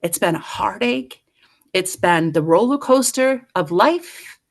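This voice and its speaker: A middle-aged woman telling a story as a podcast guest. She is lively and pokes fun at herself, and she slips into little voices for the people she talks about. Her voice sits at a middle pitch for a woman. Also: slow pace, creaky. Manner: lively, self-mocking, acts out voices. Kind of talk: animated storytelling.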